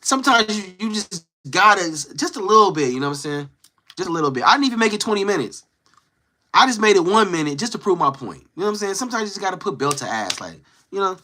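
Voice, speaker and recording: Fast and forceful, a young man's high, bright voice swings widely in pitch as he streams live. He chats easily with his audience and playfully trash-talks the trolls in his chat.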